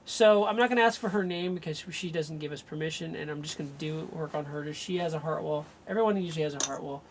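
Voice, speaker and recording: A man's voice: on the high side, quick pace, noisy background. A man working as an energy healer, thinking aloud and breaking off mid-sentence as he runs a live remote healing session. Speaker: radio show host.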